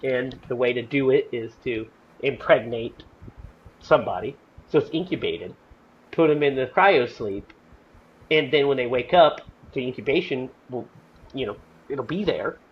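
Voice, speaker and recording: A man hosting a casual movie discussion, animated and profane, acting out lines from scenes as he talks. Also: medium pitch, a little slow. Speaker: podcast host. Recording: slightly dull audio with faint noise.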